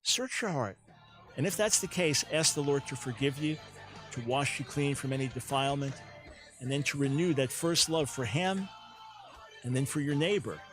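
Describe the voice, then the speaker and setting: A man's voice: medium pitch, lively intonation, moderate pace, faint music behind. A man hosting a call-in radio talk show who makes an earnest, preacherly appeal to his listeners and often repeats his words.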